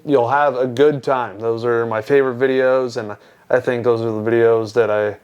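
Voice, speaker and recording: A man's voice: mid-range voice, fairly even intonation, normal speed, a little mellow, clean tone, muffled recording. Give me a young man telling a laughing story on a podcast. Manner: laughing storyteller, mimics voices in his anecdotes. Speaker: podcast co-host. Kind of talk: casual chat.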